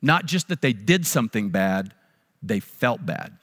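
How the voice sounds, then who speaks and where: Pastor preaching in a reverberant hall. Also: male voice, fairly low pitch, very animated, a little slow, a bit bright. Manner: earnest, repetitive emphasis, frequent restarts. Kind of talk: sermon with personal story. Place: church sanctuary. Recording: long reverb of a large hall.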